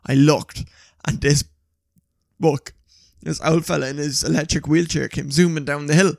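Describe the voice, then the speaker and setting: A man with an Irish accent, chatting casually and telling animated stories, swearing freely. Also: fairly high pitch, moderate pace, gravelly, no echo. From Ireland. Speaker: podcast co-host. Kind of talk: casual chat.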